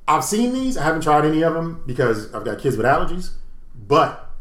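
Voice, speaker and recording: Male podcast co-host, casual and animated, recorded in an echoey room. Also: on the high side, a little fast. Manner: animated storytelling, swearing freely. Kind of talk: casual chat.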